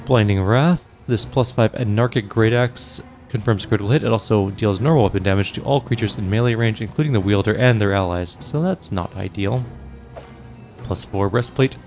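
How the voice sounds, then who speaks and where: A man's voice: fairly low pitch, normal speed, a little mellow, faint music behind. A man casually commentating a game and reading its dialogue aloud, with dry, offhand remarks. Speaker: gaming YouTuber.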